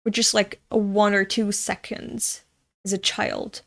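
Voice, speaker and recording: This European woman's voice is gravelly yet fairly bright, medium in pitch with little movement and a slightly slow pace. Hosting a manga read-along, she chats casually, wanders off topic, swears freely and speaks to her viewers.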